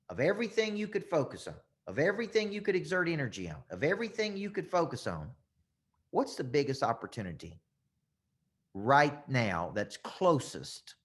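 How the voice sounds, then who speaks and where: A man's voice: fairly high pitch, a bit bright. A man, a business coach teaching a live webinar over a computer mic, getting worked up and repeating phrases for emphasis.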